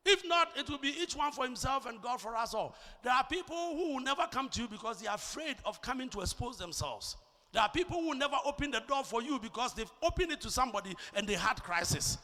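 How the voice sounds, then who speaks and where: A man from Ghana with a Ghanaian English accent, preaching a sermon with emphatic, swelling delivery that rises to shouts on key points and repeats words as he starts a thought. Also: very high voice, lively intonation, fast. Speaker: pastor. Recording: long reverb of a large church hall.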